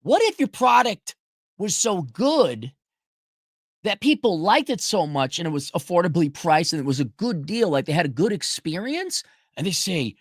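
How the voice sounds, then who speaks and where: A man's voice: sits high, big pitch swings, normal speed, no echo, studio quality. A man hosting a show, delivering a profane, sarcastic ranting monologue. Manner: sarcastic, swears a lot. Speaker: podcast host.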